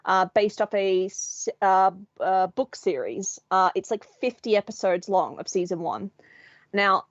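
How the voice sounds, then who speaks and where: A woman co-hosting a podcast, telling a story in an animated, sweary, laughing way. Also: mid-range voice, no room sound. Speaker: podcast co-host. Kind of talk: casual chat. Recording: dull, dry sound.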